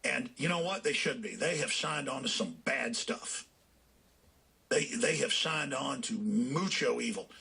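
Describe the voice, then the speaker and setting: A man hosting a talk show, delivering a fiery political rant that swings into shouting. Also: mid-range voice, a little slow, vocal fry, breathy edge.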